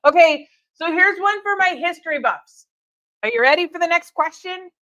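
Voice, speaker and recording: A woman's voice: extremely high pitch, lively intonation, normal speed, pushed and bright, no room sound. A woman hosting a live stream for her tea shop, talking in a chatty, upbeat way with fillers and laughs. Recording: dull lo-fi stream audio.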